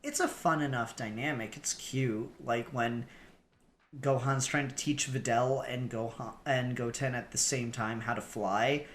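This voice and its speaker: A man co-hosting a podcast in casual chat, animated, acting out bits in quick bursts. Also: medium pitch, a little hiss or hum. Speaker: podcast co-host.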